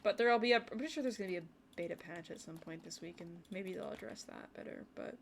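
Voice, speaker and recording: A chatty woman streamer talks through her game at a desk mic, in a mid-range voice that addresses her viewers directly. She keeps up a loose, running commentary and slips into quick whispers now and then. Faint keyboard typing runs underneath. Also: medium pitch, vocal fry, noisy background. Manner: chatty, talks to chat, drops into brief whispered asides. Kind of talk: casual gaming livestream commentary.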